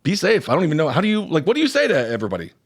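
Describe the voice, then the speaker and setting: A man's voice: on the high side, wildly swooping pitch, rapid-fire, slightly rough. A man hosting a podcast, chatting about the news in a crude, joking way, trailing off with fillers. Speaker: podcast host. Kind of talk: casual news chat.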